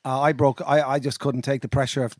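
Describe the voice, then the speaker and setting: An Irish man telling a lively story in casual chat, mimicking sounds and accents as he goes. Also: mid-range voice, quick pace, no room sound, clean studio sound.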